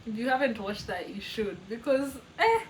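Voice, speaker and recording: A young Kenyan woman tells a story to her vlog camera in a lively, animated way. Her voice sits a little high, and she laughs often and drops in Swahili words. A faint hiss runs under the recording. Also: normal speed, poor audio. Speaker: vlogger.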